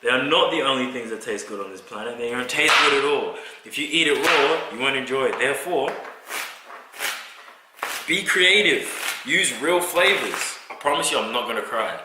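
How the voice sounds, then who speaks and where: Young male vlogger, slangy and rambling, recorded in an echoey kitchen with steady background noise. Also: mid-range voice, quick pace, hardly any pauses. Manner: slangy, rambling, talks to camera while cooking. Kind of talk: casual cooking vlog. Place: home kitchen.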